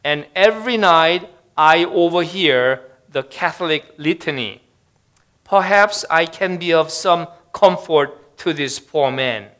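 A man's voice: a little high, lively intonation, slow pace, fairly bright tone. A man voicing a little old man in a joke he tells, speaking in a solemn voice.

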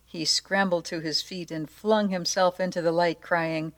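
A woman with a slightly low voice reads a storybook aloud with playful expression. Her delivery is warm-hearted and easy to follow. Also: steady tone, unhurried, few pauses. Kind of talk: storybook narration and short devotional.

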